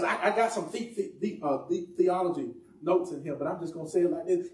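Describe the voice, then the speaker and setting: High-voiced man preaching in an echoey church. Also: darkish tone. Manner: emphatic preaching with drawn-out phrases. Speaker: pastor. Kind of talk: sermon. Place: church sanctuary. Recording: echoey church room from far off.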